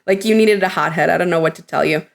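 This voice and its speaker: A woman co-hosting a podcast in casual chat, animated, laughing often and acting out characters' lines. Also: lowish voice, fast, vocal fry. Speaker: podcast co-host.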